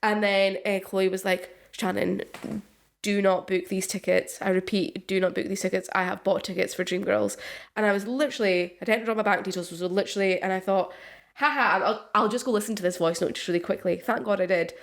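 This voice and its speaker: A woman's voice: medium pitch, fairly even intonation, fairly quick, creaky. Chatty young woman telling stories. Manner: chatty storyteller, acts out quotes, laughs often. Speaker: podcast co-host. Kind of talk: casual chat.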